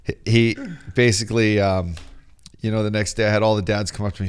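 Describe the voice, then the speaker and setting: A man's voice: fairly low pitch, little pitch movement, fairly quick, clear, resonant tone. A man co-hosting a podcast, a former pro hockey player telling a story in casual, profane, rambling chat.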